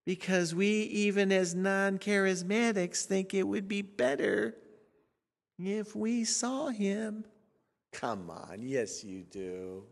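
A man in his sixties preaching a sermon as a pastor in an animated, sarcastic, conversational way. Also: high-pitched, slow pace, gravelly. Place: church sanctuary. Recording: reverberant church sanctuary.

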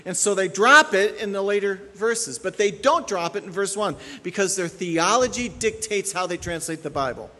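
Male pastor, higher-pitched voice, emphatic teaching delivery, long hall reverb. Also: lively intonation, moderate pace, hardly any pauses, bright, forceful tone. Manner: emphatic, repeats key points for stress. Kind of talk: expository sermon.

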